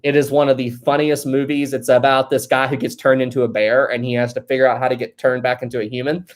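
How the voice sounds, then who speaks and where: A live-stream host chatting casually, reading out viewer comments, joking and laughing a lot, and thinking out loud. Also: medium pitch, flat delivery, fast talker. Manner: thinks aloud, with many fillers and restarts.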